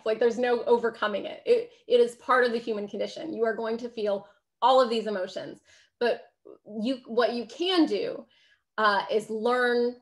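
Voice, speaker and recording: A woman gives a public talk about her book in a chatty, emphatic way. Her voice sits a little higher than most women's, and she laughs easily as she keeps asking the room "right?". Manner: conversational, emphatic, laughs often, frequent "right?". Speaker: author giving a book talk.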